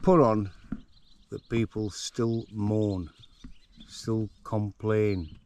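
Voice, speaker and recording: An older Yorkshire man talks in a relaxed, chatty way out in a farm paddock. His voice sits a little low, and faint outdoor noise runs behind him. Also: drawn-out words. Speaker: farm vlogger. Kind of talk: casual vlog to camera.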